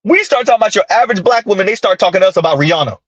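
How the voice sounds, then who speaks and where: A man's voice: high-pitched, animated, racing, dry recording, muffled recording. A millennial man in his thirties hosting a casual commentary monologue, ranting with sarcastic asides. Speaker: commentary channel host.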